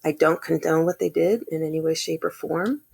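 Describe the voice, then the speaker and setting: Woman, low gravelly voice, earnest storyteller, podcast guest. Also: fairly quick. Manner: earnest, animated when quoting others. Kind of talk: casual storytelling conversation.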